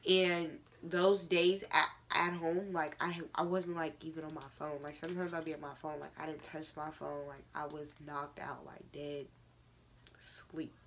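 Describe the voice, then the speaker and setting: A woman's voice: deep voice, little pitch movement, unhurried, fairly bright tone, a little hiss or hum. A teenage girl vlogging a casual advice rant to camera, with a stuffy, congested nose, filling every phrase with "like". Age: teens.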